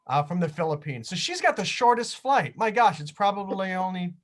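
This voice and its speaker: A man's voice: high voice, very animated, fairly quick. A man hosting a virtual tour over a video call, chatty and jokey. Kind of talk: casual chat on a video call.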